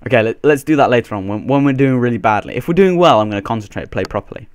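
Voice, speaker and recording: A man's voice: mid-range voice, lively intonation, rapid-fire, few pauses, clear, resonant tone, dry recording, clean studio sound. A man giving playful, jokey live commentary over a shooter game as he plays, laughing often. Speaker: gaming commentator.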